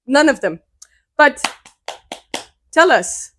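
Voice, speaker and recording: A woman co-hosting a podcast, reading quiz questions slowly and deliberately between light laughs. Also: high-pitched, big pitch swings, fairly bright tone, a little hiss or hum. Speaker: podcast co-host, quiz reader.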